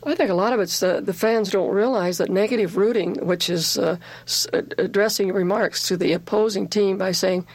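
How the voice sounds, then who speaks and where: A woman who coaches softball, telling stories in a lively way during a casual radio discussion. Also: mid-range voice, brisk, hardly any pauses, no room sound. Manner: lively storyteller.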